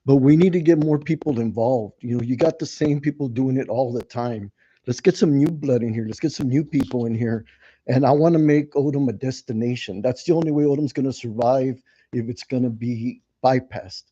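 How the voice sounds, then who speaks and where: A man's voice: medium pitch, brisk, mellow, husky. A man, speaking earnestly and with emotion as an applicant at a city council meeting. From South Texas. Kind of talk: impassioned public remarks. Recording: muffled meeting recording with background noise.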